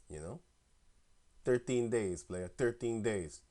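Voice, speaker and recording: A man's voice: lowish voice, moderate pace, a little mellow. A man ranting in a casual, profane, slangy story, acting out both sides of heated phone arguments, with a voice that drifts off-mic at times. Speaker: camp member telling a story.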